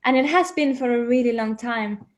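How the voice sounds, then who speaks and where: A woman's voice: a little high, moderate pace, highs cut off. Giggly, dreamy-voiced young woman. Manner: dreamy, searches for words, giggles often. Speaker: interview guest, singer. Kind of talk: casual video interview. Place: at home.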